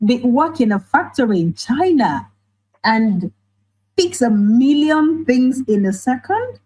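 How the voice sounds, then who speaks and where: A woman with a Nigerian accent, an online teacher and writer talking in a casual interview, animated and quick to act out the voices she quotes. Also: high voice, breathy edge, low-quality recording. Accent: Nigerian English. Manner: animated, often laughing, acts out quoted voices.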